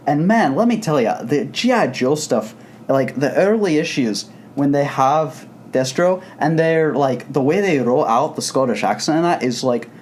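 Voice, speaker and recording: Guy rambling excitedly on a podcast, lots of restarts, bit of faint noise behind. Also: a little high, moderate pace. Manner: enthusiastic, rambling with many restarts. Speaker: podcast co-host. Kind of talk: casual comic book discussion.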